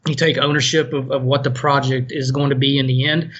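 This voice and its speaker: A man's voice: medium pitch, flat delivery, a little fast, a bit bright, slightly rough. A man with a North Carolina Southern accent, rambling with many restarts as a film producer guest in a casual podcast chat. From North Carolina, USA. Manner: rambling, stammering restarts, self-deprecating. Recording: dull lo-fi sound.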